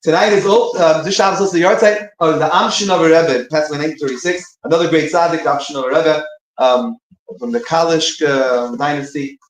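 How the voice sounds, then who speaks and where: Man, higher voice, loose rambly teaching talk, keeps restarting, echoey room. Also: fairly quick. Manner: rambling, searching for words, many restarts. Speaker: speaker giving a short talk between prayers. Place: synagogue room.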